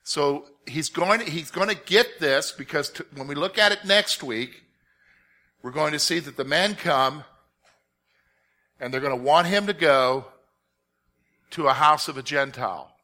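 A man's voice: a little high, measured pace, pauses often, sharp tone. A middle-aged man leading an interactive Bible study lesson, repeating his key points and quizzing his listeners with questions.

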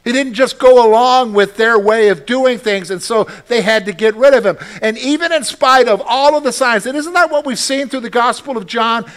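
A man preaching a radio sermon, animated, acting out quoted voices and dropping suddenly soft. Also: very high-pitched, normal speed, few pauses. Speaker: pastor.

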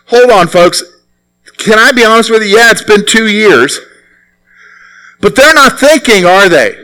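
A man preaching a sermon in an animated, conversational way, often putting rhetorical questions to his listeners. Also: extremely high pitch, normal speed, low-quality recording.

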